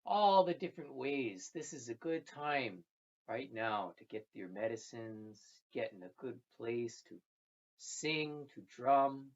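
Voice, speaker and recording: A storyteller speaking slowly and gently, repeating phrases while telling a traditional tale to children. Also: mid-range voice, expressive. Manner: slow, gentle and repetitive, with soft trailing phrases. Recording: dull lo-fi recording.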